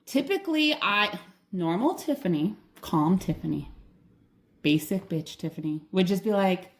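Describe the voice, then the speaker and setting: Woman, middle-aged, podcast co-host, swingy expressive voice, blunt storyteller. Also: mid-range voice, measured pace. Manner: animated storyteller, blunt, swears freely. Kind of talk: casual chat.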